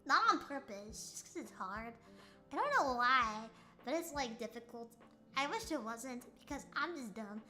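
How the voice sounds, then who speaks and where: A woman streamer with a high, bright, keen voice chats casually with her viewers. She rambles in a playful way and jokes about herself. Faint music plays behind her. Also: animated, moderate pace. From United States. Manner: playful, rambling, self-mocking. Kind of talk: casual live-stream chat.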